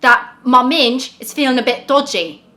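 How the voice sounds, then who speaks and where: A crude, cheeky British woman with a hammy, overdone accent, as an American woman puts her on. She sounds brash and a little loud, pitched a touch above a normal speaking voice. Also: expressive, normal speed. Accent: put-on British. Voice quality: exaggerated, self-admittedly bad accent.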